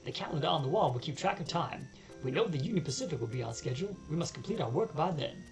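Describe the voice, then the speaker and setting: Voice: mid-range voice, animated, quick pace, lightly acted. A player voicing an old-time radio announcer in a put-on mid-Atlantic accent, over game music. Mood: announcing. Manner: clipped, announcing delivery.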